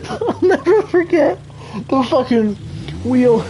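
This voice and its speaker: A young man streaming games, telling a profane story in a casual, animated way and laughing often. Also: very high-pitched, a little slow, long pauses, poor audio. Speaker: game streamer.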